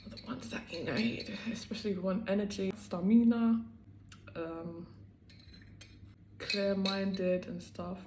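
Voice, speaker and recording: Woman mukbang vlogger, unhurried chatty delivery, roomy echo, clinking dishes behind. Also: mid-range voice, slight background noise. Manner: chatty, drawn-out, bursts of excitement. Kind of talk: casual eating vlog chat. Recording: echoey room with loud eating clatter. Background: clinking dishes and cutlery.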